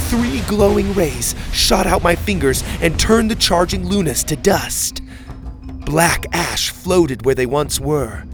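A man narrating a children's adventure story in the first person, with expressive storytelling. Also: on the high side. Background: faint music.

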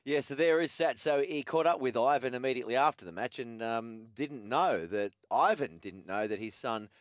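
A man's voice: mid-range voice, moderate pace, dry recording, clean studio sound. A man with an Australian accent hosting a talkback radio show, chatty and laid-back, putting questions to callers and his co-host.

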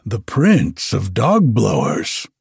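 A man doing a slow, gloomy glass blower. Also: on the low side, wildly swooping pitch, gravelly, slightly rough, no echo, clean studio sound, heavily acted. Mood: eager.

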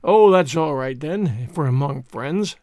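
A man's voice: fairly high pitch, animated, measured pace, darkish tone, no room sound, pitched below the performer's own voice. A man reading aloud, voicing a genial, gallant young English lord with a hearty, genteel manner.

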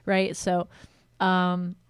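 Chatty woman guest with a smooth voice. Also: lowish voice, monotone, drawn-out words, no room sound. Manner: chatty storytelling, many fillers and laughs. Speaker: podcast guest. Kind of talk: casual chat.

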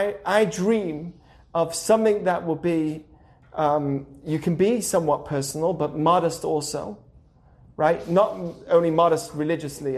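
A young adult man hosting a casual teaching podcast, animated and acting out the voices he quotes. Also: high-pitched. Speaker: podcast host.

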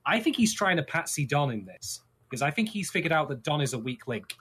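A man's voice: fairly high pitch, a little fast, over a noisy crowd. A man in a casual podcast chat, laying out a theory with lots of "you know" fillers. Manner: animated theorizing with frequent fillers. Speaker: podcast co-host.

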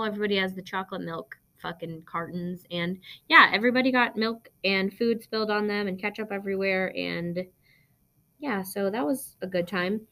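A young woman from Arizona hosts a podcast, casually working through listener questions in a sharp, mid-range voice. She rambles with plenty of ums and likes, and she's blunt and swears freely.

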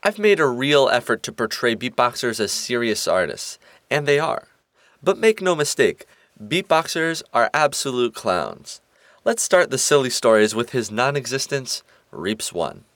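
Male host-narrator, mid pitch, playful and emphatic, dry close sound. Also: sing-song, measured pace, a bit bright, no room sound. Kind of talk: scripted narration.

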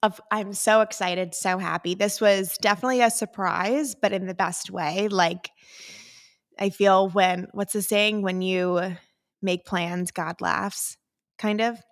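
A young woman in easy podcast chat, filling her talk with casual fillers. Her pitch sits in a middle range for a woman. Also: steady tone, measured pace. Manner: chatty, lots of "like" fillers. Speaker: podcast co-host.

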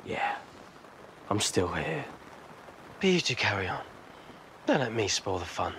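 A resentful young man sulks and snipes in a film scene, his voice swinging up and down with sarcasm. The film audio carries a clear layer of background noise. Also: fairly low pitch, big pitch swings, a little slow. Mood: sullen, bitter. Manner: sullen and sarcastic, bursting into shouts. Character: bitter, jealous young man, sulking and resentful.

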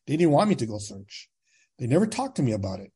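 A man's voice: mid-range voice, fast, slightly rough. A man in his sixties from California, a podcast guest telling his own story in a casual, plain-spoken way and acting out what others said. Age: 60s. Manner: animated storyteller, acts out quoted dialogue.

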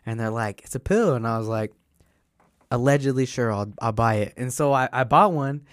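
Young dude telling a crazy party story, swears a ton, dead dry mic. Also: male voice, mid-range voice, moderate pace, no echo. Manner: animated storyteller, acts out quotes, swears often, laughs. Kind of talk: casual chat.

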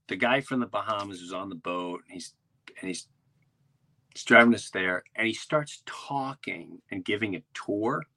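A man with a medium-pitched, slightly bright voice, who is both a podcast host and a stand-up comedian, tells rambling stories in casual chat, restarting his sentences many times.

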